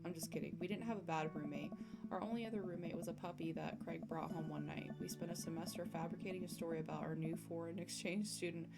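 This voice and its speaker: A young woman streams herself playing a dating sim, reading the dialogue aloud in character voices and reacting between lines. Her voice is lowish, quick, and gravelly, and she's animated and giggly with music in the background.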